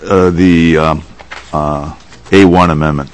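A man's voice: very deep voice, steady tone, takes it slowly, a little hiss or hum. A man serving as a committee member, making formal motions hesitantly with many fillers. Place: legislative committee room.

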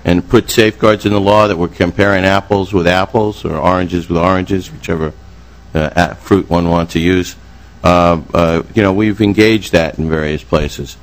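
A man's voice: low-pitched, steady tone, normal speed, rough recording. An older man testifying before a legislative committee, formal but rambling, with heavy filler sounds.

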